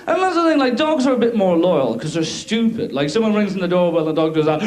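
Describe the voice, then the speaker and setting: A man's voice: high-pitched, very animated, fast talker, few pauses. An Irish man in his thirties doing a live stand-up routine on a theatre stage, rambling and self-mocking. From Ireland. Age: 30s. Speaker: stand-up comedian. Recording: live theatre, audience laughter.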